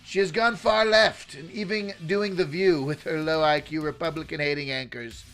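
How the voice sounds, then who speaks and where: A man's voice: fairly high pitch, moderate pace, a bit bright, faint music behind. A man putting on an impression of a boastful older male president, reading a ranting statement aloud.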